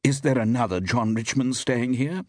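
A man's voice: mid-range voice, moderate pace, a little mellow, no room sound, studio quality, voice pushed up, lightly acted. A man voicing a charming, insistent young woman. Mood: charming, urgent. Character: charming, urgent young woman, detective's wife.

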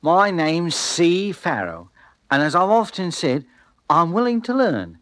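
An actor playing a poor drifter, chatty and cheeky, narrating in an old-time radio drama. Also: male voice, fairly high pitch, big pitch swings, measured pace, a bit bright. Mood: wry. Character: poor male drifter, down on his luck.

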